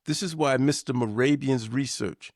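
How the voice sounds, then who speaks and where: A man hosting a business lesson, delivering a scripted talk with measured, emphatic shifts in inflection. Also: mid-range voice, dry recording, clean studio sound. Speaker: podcast host.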